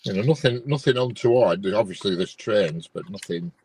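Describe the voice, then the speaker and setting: A man's voice: lowish voice, animated, normal speed, a little mellow, a little hiss or hum, poor audio. A man, chatting casually on a live stream with many restarts, sounding bemused as he checks train diagrams. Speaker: co-host watching live train feeds.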